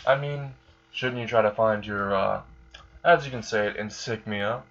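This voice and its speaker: A man's voice: lowish voice, normal speed, fairly bright tone, muffled recording. A man putting on a courteous talking cat familiar.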